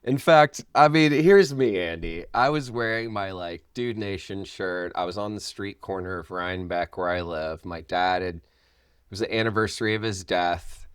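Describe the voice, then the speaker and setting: A man talking as a podcast guest and wellness coach, telling personal stories with animated energy and acting out what people said. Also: sits low, moderate pace, clean tone, no echo, clean studio sound. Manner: animated storyteller, acts out quotes. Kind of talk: podcast conversation.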